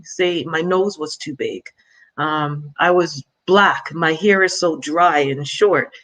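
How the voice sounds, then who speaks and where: A woman from Jamaica telling her personal story as a guest in an interview, halting and reflective, often restarting and repeating words. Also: lowish voice, a bit bright.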